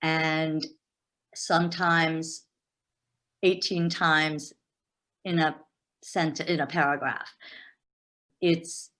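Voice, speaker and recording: Woman, middle-aged, interview guest, casual talk, emphatic, repeats words, low-ish voice. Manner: animated, emphatic, repeats words when restarting. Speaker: interview guest, business coach.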